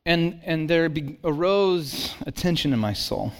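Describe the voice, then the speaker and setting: A middle-aged man preaching a sermon, telling a personal story with animated swings between excitement and hushed intensity. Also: fairly high pitch, measured pace, slight background noise. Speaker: pastor.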